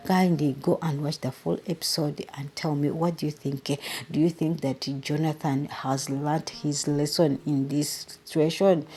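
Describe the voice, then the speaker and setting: A woman hosting a movie review channel, recapping a drama series in an animated, emotional way and speaking straight to her viewers. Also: low-pitched.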